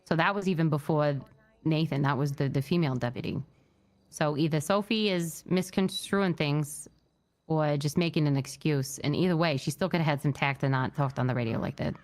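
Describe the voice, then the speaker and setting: A woman playing a state trooper in a roleplay, telling what happened in an upset but measured way, with many fillers and restarts. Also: deep voice, darkish tone. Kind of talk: in-character roleplay briefing.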